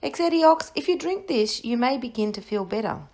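A woman's voice: fairly high pitch, expressive, brisk, voice pushed up. Woman doing a chirpy, kind vet nurse. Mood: reassuring. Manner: bright, sing-song, reassuring.

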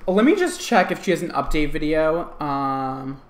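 A woman hairdresser giving casual, expressive reaction commentary on videos, explaining hair care in plain terms. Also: low voice, normal speed, reverberant. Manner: expressive, gasps and laughs, explains in lay terms.

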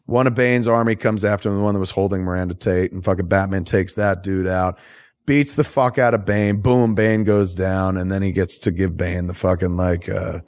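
A man hosting a podcast, recapping a film in a loose, profane, animated storytelling way. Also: low-pitched, moderate pace. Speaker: podcast host. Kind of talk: casual movie recap chat.

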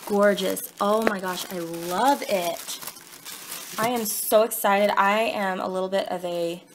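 A young woman gushing excitedly as she unboxes gifts in her home kitchen, filming on a phone in one hand and apologizing as she fumbles. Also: medium pitch. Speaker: vlogger. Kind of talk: casual unboxing vlog. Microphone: phone held in one hand.

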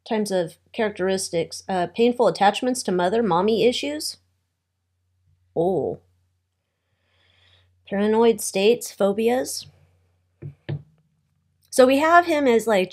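A woman's voice: medium pitch, a little mellow. Chatty woman doing a tarot reading. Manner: chatty, wry asides, trailing off mid-thought. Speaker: tarot reader.

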